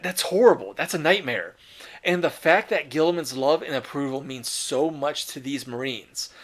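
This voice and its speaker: A man talks through a casual commentary video with enthusiasm and slangy, unfiltered phrasing. His voice sits a little above the typical male pitch. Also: a bit bright. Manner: enthusiastic, casual, swears and laughs.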